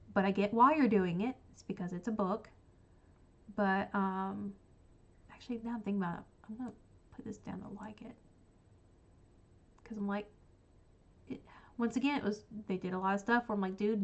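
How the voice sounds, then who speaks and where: Woman, casual book chat, rambling, filler words, slightly muffled audio. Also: mid-range voice. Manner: rambling, frequent ums and likes. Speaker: book streamer.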